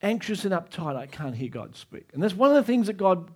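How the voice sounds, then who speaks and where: A man preaching a sermon as pastor, moving between soft, low asides and raised, emphatic climaxes. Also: big pitch swings, fairly quick.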